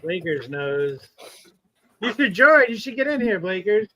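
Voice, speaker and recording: A male guest on a casual livestream with a bright, sharp voice that sits a little high for a man. He jokes and teases playfully throughout. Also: big pitch swings, unhurried. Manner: joking, playful, teasing. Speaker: stream guest. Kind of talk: casual chat.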